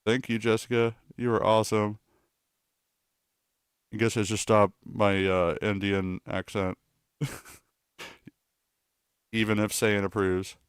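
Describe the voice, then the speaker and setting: A man's voice: lowish voice, little pitch movement, slow, pauses often, smooth, no echo, clean studio sound. A man streaming live in a casual, rambling way, reading and answering chat with self-mocking asides.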